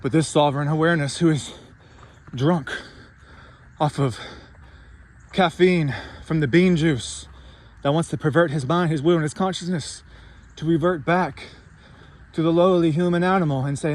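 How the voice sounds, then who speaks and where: A man's voice: fairly high pitch, moderate pace, long pauses, a little mellow. A man giving a profane, sarcastic motivational rant, worked up and swearing freely. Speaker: vlogger.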